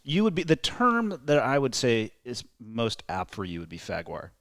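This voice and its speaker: A man's voice: medium pitch, moderate pace, no room sound. Dry teasing male podcast host. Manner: dry, teasing, deadpan put-downs. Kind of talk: casual chat.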